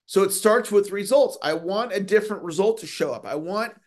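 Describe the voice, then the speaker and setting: A middle-aged sales coach with a high-pitched voice leads a motivational call. He is earnest, often slowing down to stress key words and repeating phrases.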